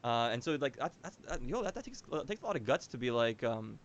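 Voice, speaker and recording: A man's voice: medium pitch, very animated, quick pace, muffled recording, a little hiss or hum. A young man hosting a podcast, chatting in a laid-back, slangy way with short reactions. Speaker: podcast host. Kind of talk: casual chat.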